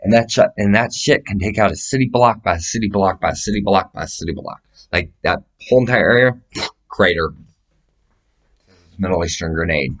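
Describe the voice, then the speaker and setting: A man's voice: low voice, brisk, fairly bright tone. A man talking straight to the camera in a rambling, profane monologue that wanders from topic to topic and swears freely. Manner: profane, meandering, gestures while describing sizes.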